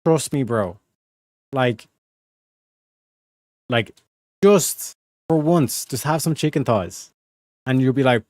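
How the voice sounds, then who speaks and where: A man's voice: mid-range voice, a little mellow, dry recording, clean studio sound. A young man hosting a livestream in casual, rambling chat, full of slang and "you know what I mean". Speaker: livestream host.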